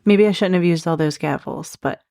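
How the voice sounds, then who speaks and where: A woman's voice: deep voice, fairly quick, gravelly, no echo, studio quality. A woman hosting a comedic true crime podcast in casual chat, often breaking into cackling laughter. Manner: giggly, keeps breaking into loud cackling laughter. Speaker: podcast host.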